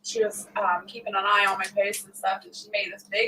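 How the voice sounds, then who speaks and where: A woman's voice: medium pitch, steady tone, fairly quick, pushed and bright. A middle-aged woman hosting a casual live stream, laughing often as she tells stories. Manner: laughs often while telling prank stories. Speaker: vlog host. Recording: distant mic, faint background noise.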